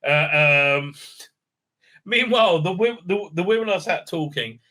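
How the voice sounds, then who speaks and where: A middle-aged man talks through a TV episode in loose, rambling sentences, swearing freely and checking in with "right?". His voice sits a little high and comes across bright and forceful. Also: lively intonation, measured pace. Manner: rambling, profane, keeps asking "right?". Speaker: TV show reviewer. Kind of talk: casual spoken recap.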